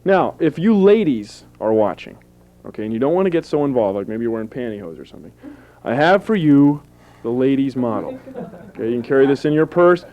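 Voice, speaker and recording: A man in his thirties doing goofy stand-up comedy on a public access TV show, deadpan jokes with sudden silly voices. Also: medium pitch, brisk, muffled recording. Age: 30s. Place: small TV studio with live audience.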